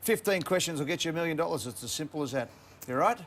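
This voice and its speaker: A man's voice: fairly high pitch, expressive, rapid-fire, a little hiss or hum. A man with an Australian accent hosting a TV quiz show, joking and teasing his contestant. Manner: jokey, teasing banter. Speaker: game show host. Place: TV studio with audience. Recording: studio with loud music and audience.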